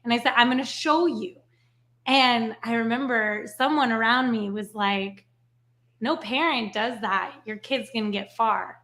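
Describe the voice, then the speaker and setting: A woman's voice: on the high side, a little slow. A woman from Switzerland whose first language is French, telling stories in a casual interview, often adding "right?" and "like". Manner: animated storyteller, frequent "right?" and "like". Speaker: podcast guest.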